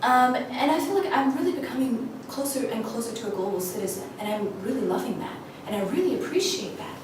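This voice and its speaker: A young woman from China, a native Mandarin speaker, talks through an audition monologue in a learned American accent. She sounds eager and animated, often restarting her sentences, and her voice sits fairly high. The room echoes heavily and the mic is some way off, with faint noise underneath. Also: fairly quick, distant mic. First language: Mandarin Chinese. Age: 20s. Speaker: actress auditioning.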